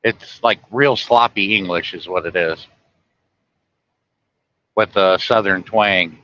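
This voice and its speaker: A man's voice: low-pitched, takes it slowly, bright, forceful tone, lo-fi sound. A man driving a truck, chatting casually and folksily with viewers from the road. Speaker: truck driver livestreaming. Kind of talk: casual rambling talk to viewers. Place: truck cab on the highway.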